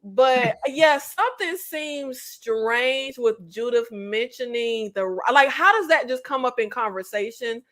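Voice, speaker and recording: A woman joins a live video-call panel and talks in an emphatic, slangy way. Her voice is fairly high, and she breaks into laughter often. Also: measured pace, hardly any pauses, a bit bright. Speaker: panel guest. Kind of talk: live recap chat.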